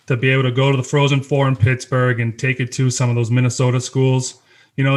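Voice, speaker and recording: A man who played college hockey, co-hosting a casual sports podcast and telling stories with measured enthusiasm. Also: mid-range voice.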